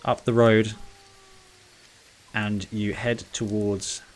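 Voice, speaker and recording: A man narrating a tabletop role-playing game as game master, casual and brisk with fillers. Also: fairly low pitch, flat delivery, slight background noise.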